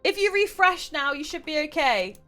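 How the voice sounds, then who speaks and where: Woman streaming a game, reads the text out then gets all huffy, voice bouncing up and down, a bit high, faint music underneath. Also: normal speed. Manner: animated, mock-indignant. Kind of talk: let's play streaming, reading game text aloud.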